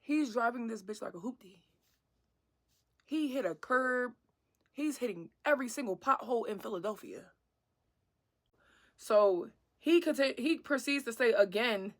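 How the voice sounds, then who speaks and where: A slightly high-voiced woman tells a date story to her viewers. She is blunt, slangy and full of profanity, and she acts out the retelling with energy. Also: animated, moderate pace, bright, forceful tone. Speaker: vlogger. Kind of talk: storytime narration.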